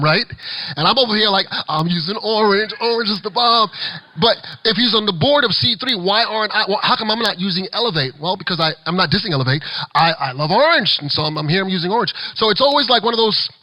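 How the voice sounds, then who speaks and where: A man giving an energetic, animated talk to children's ministry leaders as a children's pastor, with playful asides. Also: a little high, dry recording, low-quality recording. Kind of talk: conference workshop talk.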